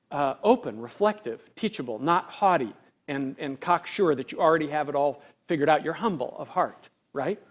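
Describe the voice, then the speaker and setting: A man, a pastor, preaching an earnest, conversational sermon full of rhetorical questions, acting out quoted voices with big swings in loudness. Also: fairly high pitch.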